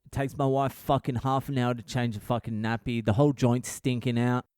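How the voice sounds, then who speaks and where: A man's voice: medium pitch, level tone, a little fast, darkish tone, clear, resonant tone, dry recording, studio quality. Foul-mouthed comedian man ranting. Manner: swears constantly, rambling and exasperated. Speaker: comedian podcast host. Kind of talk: comic storytelling monologue.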